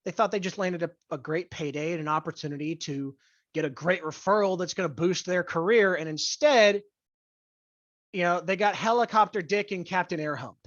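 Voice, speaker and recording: A podcast host in a profane sports rant, angry, crude and blunt, stressing key words with deliberate emphasis. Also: medium pitch, no room sound. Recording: dull lo-fi dry recording.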